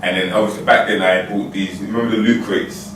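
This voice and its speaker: A man's voice: on the low side, level tone, fairly quick, a bit bright. A man co-hosting a podcast, chatting casually and telling stories in a laid-back way with slang. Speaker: podcast co-host. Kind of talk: casual chat. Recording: roomy, distant mic with background noise.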